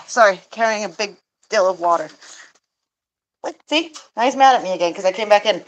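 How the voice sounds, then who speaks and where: A woman's voice: mid-range voice, expressive, normal speed, pauses often, slight background noise, low-quality recording. A woman vlogger chatting casually while doing chores in a goose coop, rambling with fillers and chuckles.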